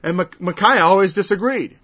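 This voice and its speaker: A man's voice: high-pitched, brisk, a bit bright. A man preaching a sermon in an earnest, emphatic way, repeating words as he stresses a point and quoting scripture. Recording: dull lo-fi recording.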